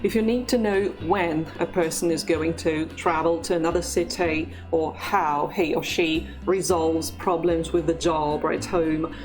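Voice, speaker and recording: A woman teaching a language lesson, speaking slowly and carefully in an encouraging instructional tone. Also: lowish voice.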